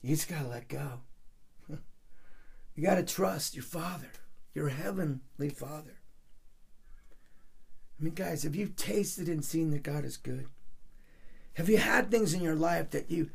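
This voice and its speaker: Gravelly-voiced man preaching an emotional sermon. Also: on the high side. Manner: heartfelt, gets emotional telling a personal story. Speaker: pastor.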